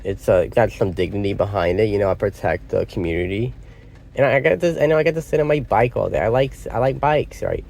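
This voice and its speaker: A man's voice: lowish voice, fast, gravelly, a little mellow. A man giving a casual spoken film review, rambling and often losing his train of thought. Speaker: movie reviewer. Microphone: phone or small device.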